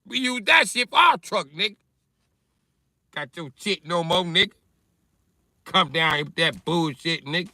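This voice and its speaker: A man voicing a brash, defiant thief who shouts profane taunts in a high, strained voice. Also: lively intonation, a little slow, pauses often, dry recording, full character voice. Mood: taunting, defiant.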